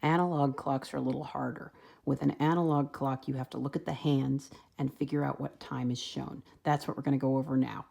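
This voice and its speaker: Woman teacher, very low and gravelly, husky, calmly explaining a lesson. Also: a little fast.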